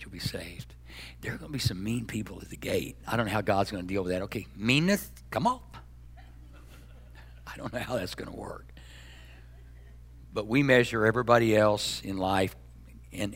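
A man preaches a sermon in a drawl, his voice low-pitched yet bright and forceful. He mixes folksy jokes with earnest appeals. He swings from loud bursts to hushed asides. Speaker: pastor.

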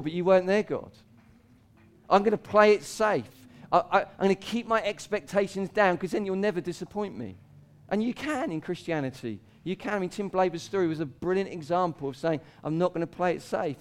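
A pastor delivers a sermon in a casual, conversational way, laughing between points, raising his voice for quoted cries and sinking low and quiet when reading scripture.

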